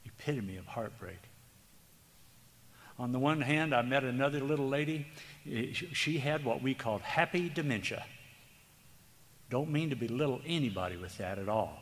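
A man preaching a sermon, earnest and tender, speaking slowly with emphasis. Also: mid-range voice. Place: church hall. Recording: long hall reverb, faint background noise.

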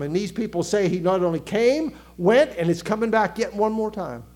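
A man preaching a sermon with a Southern American accent, animated, acting out crowd voices and dropping to a hush for emphasis. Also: high voice, moderate pace. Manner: animated, acts out crowd voices, swings from loud to hushed. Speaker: pastor.

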